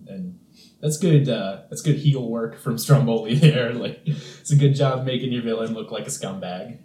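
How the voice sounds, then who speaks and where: A man co-hosting a casual film podcast, talking in a relaxed, chatty way and briefly acting out characters' lines. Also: mid-range voice, normal speed. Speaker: podcast co-host. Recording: roomy sound with faint background hiss.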